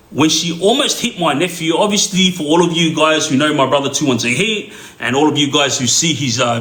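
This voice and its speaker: A man's voice: mid-range voice, pushed and bright, reverberant, low-quality recording. An Australian man casually telling a story to his viewers, rambling with lots of fillers. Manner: rambling with many fillers and restarts.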